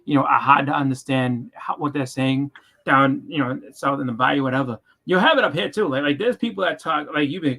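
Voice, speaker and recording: Bright-voiced man chatting. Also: mid-range voice, brisk. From Boston. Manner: loose, filler-heavy storytelling. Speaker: podcast co-host. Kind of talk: casual chat.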